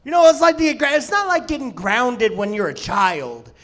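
A man's voice: extremely high pitch, lively intonation, brisk, fairly bright tone. A man in his twenties doing a profane, self-deprecating stand-up set at a comedy club. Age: 20s.

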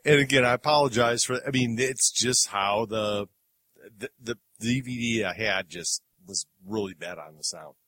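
A man's voice: on the low side, normal speed, fairly bright tone, no room sound. A man hosting a film review podcast, chatting casually with fillers and laughs as he plays clips. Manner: rambling, chuckling, many fillers. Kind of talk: casual chat.

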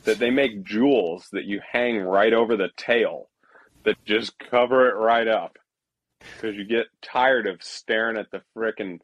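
A man's voice: fairly low pitch, unhurried, dry recording, lo-fi sound. A man co-hosting a podcast in casual, jokey, rambling chat. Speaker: podcast co-host.

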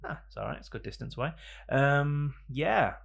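A man hosting a podcast in a studio, rambling and joking with bursts of loud energy. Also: medium pitch, lively intonation, moderate pace, creaky. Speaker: podcast host. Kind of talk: casual chat. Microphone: studio microphone.

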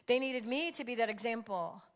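A woman's voice: on the high side, normal speed. A middle-aged woman preaching, telling a story with lots of animation and laughter. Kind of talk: sermon storytelling.

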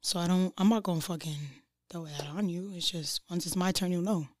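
A young woman talks on a podcast with a low-set, fairly deep voice, heated but controlled. She speaks bluntly and passionately, full of slang and casual swearing. The sound is close and dry, with no room around it. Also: steady tone, a little fast, darkish tone, dry recording. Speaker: guest artist.

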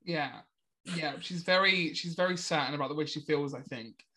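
A woman's voice: sits low, normal speed, pushed and bright. A woman co-hosting a podcast in casual chat, often restarting words and making dry jokey asides. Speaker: podcast co-host.

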